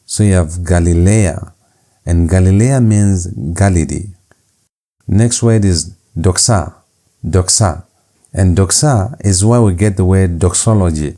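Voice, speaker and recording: A man giving a recorded language lecture, explaining step by step in a slow, deliberate way and repeating key words for students to copy. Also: deep voice, mellow. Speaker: Greek language instructor.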